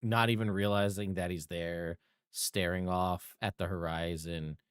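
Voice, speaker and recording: A man narrating as game master of a tabletop game, chatty and animated. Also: low voice, unhurried, clean tone, no echo, clean studio sound.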